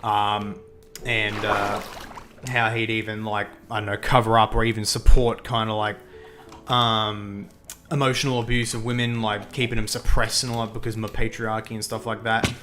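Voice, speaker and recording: A man's voice: fairly low pitch, flat delivery, moderate pace, sharp tone. Casual young man chatting on a livestream. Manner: thinks aloud, repeats himself, reacts to the game and chat. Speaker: livestream host. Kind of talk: casual livestream chat while gaming.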